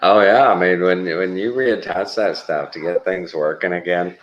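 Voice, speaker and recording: A man's voice: sits low, steady tone, normal speed, muffled recording. A middle-aged man from Texas, rambling through laid-back work stories in casual chat, swearing now and then. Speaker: traveling surgical tech.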